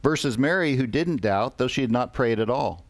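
A man preaching a sermon, reading scripture slowly and deliberately with pauses. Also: medium pitch, expressive, dry recording.

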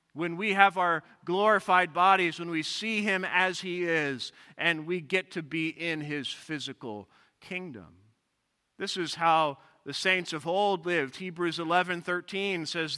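A man's voice: high voice, slow, sharp tone, smooth. A male pastor preaching an expository sermon, reading scripture aloud and explaining it with personal stories, in a large church sanctuary. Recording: long reverb of a large hall.

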